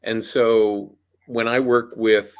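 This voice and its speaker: A man's voice: lowish voice, little pitch movement, takes it slowly, smooth. Emphatic coaching man on a video call. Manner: emphatic, coaching, punchy warnings. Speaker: voiceover artist and audiobook coach. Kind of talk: animated panel chat.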